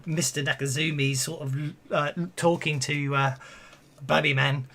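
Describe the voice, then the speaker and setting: A man's voice: fairly high pitch, level tone, a little slow, sharp tone. A man narrating as game master of a tabletop game, rambling with many fillers and restarts.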